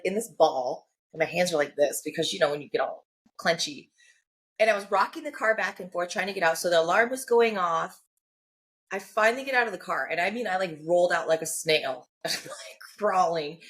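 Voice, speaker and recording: A woman's voice: fairly low pitch, fairly bright tone. A woman guest on a podcast, candidly telling her personal story, often acting out what others said and peppering her speech with "like" and "you know.". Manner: frank, acts out quoted voices, frequent "like" and "you know".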